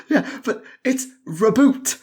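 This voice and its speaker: A man's voice: high voice, animated, very slow, a little mellow, slightly rough. A man hosting a podcast, ranting emphatically and swearing, often breaking into laughter. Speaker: podcast host. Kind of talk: casual podcast chat.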